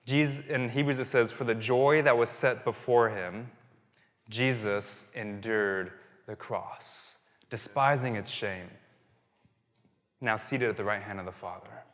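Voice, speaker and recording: A man's voice: lowish voice, unhurried. Man preaching in a reverberant church. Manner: conversational, warm-hearted storytelling with restarts. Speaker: pastor. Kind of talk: sermon. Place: church sanctuary. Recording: long hall reverb.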